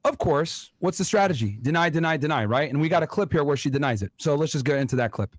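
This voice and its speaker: A man's voice: a little high, lively intonation, fast talker, dry recording. A man hosting an online commentary show, talking emphatically and straight to his viewers. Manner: emphatic, addresses viewers directly.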